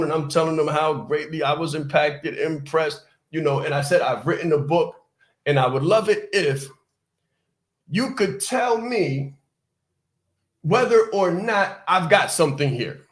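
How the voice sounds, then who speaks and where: A man's voice: fairly high pitch, moderate pace, roomy sound. A man hosting a podcast, telling a motivational personal story in an emphatic, repetitive way and speaking straight to his listeners. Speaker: podcast host.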